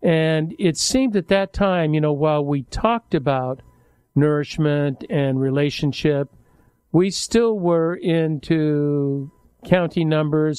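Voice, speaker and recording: An older man hosting a radio talk show, speaking in a halting, reflective way and often correcting himself mid-sentence. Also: fairly high pitch, a little mellow, clean tone, no echo. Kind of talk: casual interview chat.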